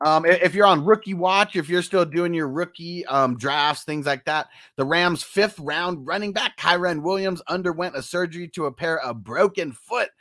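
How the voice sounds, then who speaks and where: A man's voice: on the high side, moderate pace, hardly any pauses, pushed and bright. A man hosting a casual sports talk show, loose and profane, laughing often between points. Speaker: podcast host.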